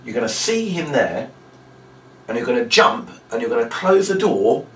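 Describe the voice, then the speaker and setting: With a mid-range, fairly bright voice and big pitch swings, a man who is a magician explains a trick step by step at a moderate pace in a chatty demonstration. The distant mic picks up a roomy space and faint background noise.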